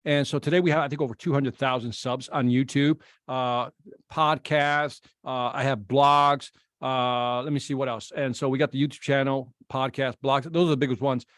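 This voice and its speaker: A middle-aged man from Chicago, a guest telling an animated story in an interview and acting out the exchanges he quotes. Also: medium pitch, moderate pace, no echo, clean studio sound. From Chicago, United States. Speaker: guest speaker.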